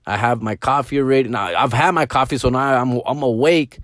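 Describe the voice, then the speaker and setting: A middle-aged man telling casual stories, slangy and animated, mixing in Spanish words and dropping to hushed mumbles. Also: medium pitch, a little fast, dry recording, clean studio sound. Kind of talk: casual storytelling monologue.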